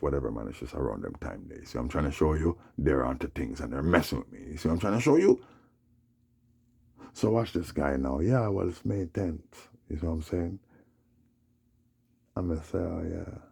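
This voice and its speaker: A man telling a long, rambling story, agitated and repeating himself, with a gravelly voice. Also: extremely low pitch, animated, brisk, a little mellow. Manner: rambling, agitated, repeats "you know what I'm saying". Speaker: vlogger. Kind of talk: casual storytelling monologue.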